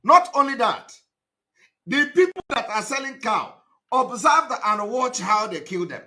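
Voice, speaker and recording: A man delivers a live broadcast monologue in a high, bright voice. He talks with emphasis, repeats himself and now and then bursts into shouting. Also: big pitch swings, unhurried. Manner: emphatic, repetitive, with shouted outbursts. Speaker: activist broadcaster.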